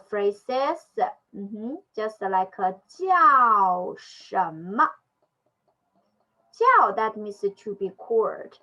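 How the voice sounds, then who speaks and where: Slow, hesitant woman teaching a language lesson. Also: on the high side, a bit bright. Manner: hesitant, many fillers, patient explaining. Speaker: Chinese teacher. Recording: muffled lo-fi audio.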